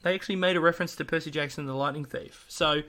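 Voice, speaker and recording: A man co-hosting a podcast in casual, joking chat, with quick asides. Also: on the high side, over a noisy crowd. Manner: animated, jokey, quick asides. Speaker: podcast co-host.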